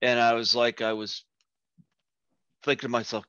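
A man's voice: mid-range voice, flat delivery, normal speed, fairly bright tone, clear, resonant tone, dry recording, dull audio. A man hosting an interview show, telling a casual story that keeps losing its thread, with easy laughter. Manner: rambling, loses his thread and laughs easily. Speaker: podcast host.

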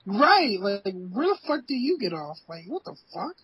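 A man's voice: high voice, big pitch swings, normal speed, dull audio, slight background noise. A man in a casual podcast chat, ranting emphatically with lots of swearing. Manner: emphatic, profane, exasperated ranting.

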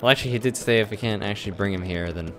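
Man mumbling low game commentary. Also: racing, music in the background. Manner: mumbled, self-deprecating asides. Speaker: let's play host. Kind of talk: casual gameplay commentary.

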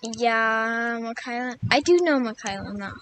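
A woman with a high, bright voice talking casually during a game. She is chatty and pokes fun at herself. A faint hiss sits under her voice. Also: measured pace. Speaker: gamer. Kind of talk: casual gameplay chat.

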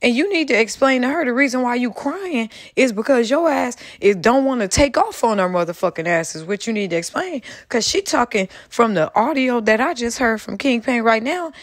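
A woman's voice: a little high, expressive, normal speed, few pauses, dry recording, clean studio sound. Fired-up woman ranting to her viewers. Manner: angry, profane, talks straight to viewers. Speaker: commentary channel host. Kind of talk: heated casual commentary.

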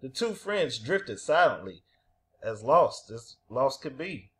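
Guy reading a kids' book out loud, takes his time, voice goes up and down a lot. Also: medium pitch, slow pace. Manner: lively, animated storytelling. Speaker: reader. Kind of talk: children's picture book read-aloud.

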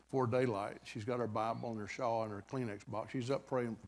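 A man's voice: medium pitch, steady tone, brisk. An older man preaching a revival sermon, telling a folksy story in a conversational way with dramatic bursts.

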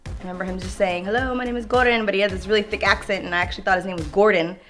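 A woman talks in a chatty, confessional way on a reality show. Steady music plays underneath her voice. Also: medium pitch, rapid-fire. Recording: TV clip with background music.

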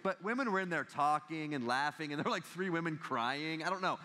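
Animated man in his thirties, storytelling. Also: fairly high pitch, a little fast. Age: 30s. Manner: animated, jokey storyteller acting out quotes. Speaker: guest speaker. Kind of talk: campus talk with storytelling. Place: large hall. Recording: long hall reverb.

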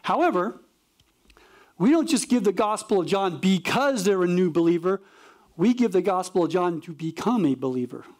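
A male pastor with a notably high-pitched voice delivers a sermon to his congregation. He talks with animated energy, slipping into the voices of the people in his stories. His key points land in short, emphatic bursts. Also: moderate pace. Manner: animated storytelling, acts out dialogue; emphatic, punchy preaching.

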